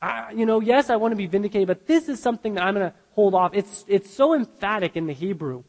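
A man delivers a sermon in an earnest, emphatic way, often stopping to restart a sentence. His voice sits high for a man. The sound rings with the long reverb of a large hall. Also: expressive, fast. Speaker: pastor.

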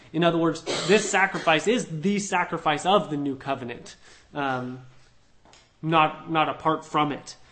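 A man co-hosting a conversational Bible study discussion, thinking aloud with frequent ums and restarts as he works through a passage. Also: fairly high pitch.

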